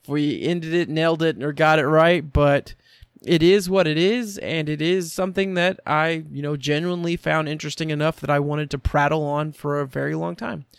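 A man's voice: a little high, fairly even intonation, moderate pace, creaky, smooth, no echo, studio quality. A man hosting a casual podcast, joking and rambling loosely. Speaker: podcast host. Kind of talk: casual chat.

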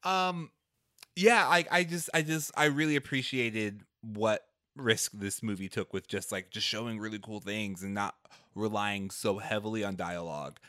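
A man's voice: fairly low pitch, steady tone, normal speed, sharp tone, dry recording, studio quality. A man co-hosting a casual movie-review podcast, laughing often and hesitating with many ums and restarts. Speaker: podcast co-host.

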